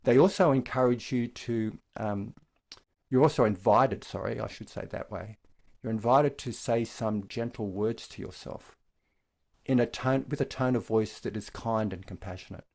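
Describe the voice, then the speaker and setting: An older man giving a dharma talk as a meditation teacher, explaining things in a gentle, unhurried way. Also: mid-range voice. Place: online talk from home.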